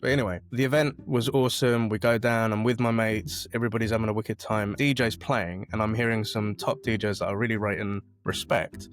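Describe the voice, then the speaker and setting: A man's voice: lowish voice, a little fast, few pauses. A man, a podcast guest telling a personal story in a casual way and acting out the voices of other people. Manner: animated, acts out quoted voices.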